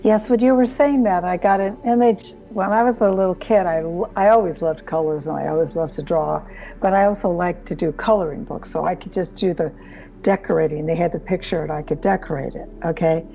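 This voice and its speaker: A woman hosting a casual spiritual conversation, speaking slowly and acting out inner voices as she explains. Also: on the low side, creaky, dull audio. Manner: slow, expressive, acts out inner voices. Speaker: spiritual channeler and host.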